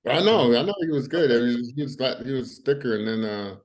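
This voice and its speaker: Male co-host, mid-pitched voice, candid and excitable, casual chat. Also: fairly quick. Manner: candid, excitable, laughs easily. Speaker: podcast co-host, former bodybuilder.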